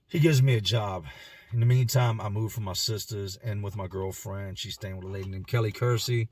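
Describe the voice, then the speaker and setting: A man's voice: lowish voice, fairly even intonation, a little fast, dry recording. A man telling his own life story in a candid, emotional way, with casual slang and repeated words. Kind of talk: personal storytelling to camera.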